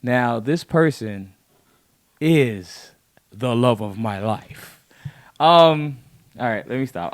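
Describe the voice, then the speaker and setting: A man hosting a faith podcast, talking in an effusive, excited way with his wife as guest. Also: mid-range voice, slow pace, pauses often, dry recording. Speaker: podcast host.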